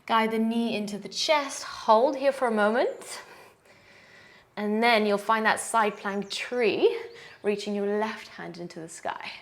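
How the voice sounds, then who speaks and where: A young woman leading a guided yoga class, giving calm, encouraging cues and counting holds aloud. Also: mid-range voice, unhurried. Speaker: yoga instructor.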